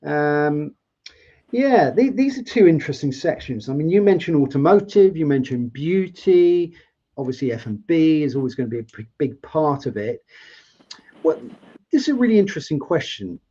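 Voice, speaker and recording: A man's voice: fairly high pitch, very animated, moderate pace, warm tone, slightly rough. A man hosting a live interview show, asking long, rambling questions in a chatty way over a video call. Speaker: host. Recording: dull lo-fi sound.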